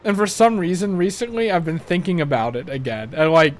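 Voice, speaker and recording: A man's voice: a little high, fairly quick. A young man doing casual let's-play commentary, chatty and rambling, laughing easily. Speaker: game streamer.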